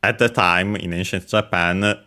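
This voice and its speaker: A man's voice: low voice, steady tone, moderate pace, bright, forceful tone. A man explaining Japanese vocabulary while playing a game, methodical and hesitant, with many filler sounds. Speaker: language teacher.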